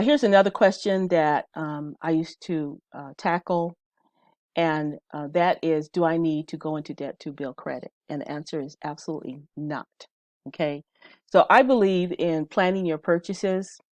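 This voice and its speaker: Low-voiced woman teaching casually. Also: darkish tone, dry recording. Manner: conversational, checks in with "okay?". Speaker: instructor.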